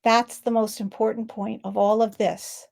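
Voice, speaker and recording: A little high and gravelly with a darkish tone, her voice comes across flat at a moderate pace. Even so, she stays upbeat while presenting on laughter over a video call, leading exercises and demonstrating rhythmic ho ha he laughter.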